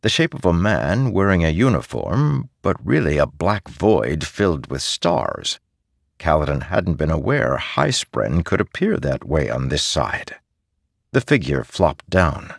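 A man narrating a fantasy audiobook in a measured, expressive way. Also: extremely low pitch, gravelly, no room sound, studio quality. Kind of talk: scripted narration.

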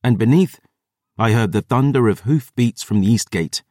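A man's voice: medium pitch, moderate pace, darkish tone, dry recording, clean studio sound. A man giving an intense, grave first-person audiobook narration. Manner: grave, intense dramatic reading.

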